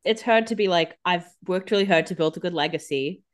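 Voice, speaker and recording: A woman's voice: on the low side, a little fast. Chatty woman podcast co-host. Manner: chatty, reacts with laughs and comments. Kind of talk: casual chat.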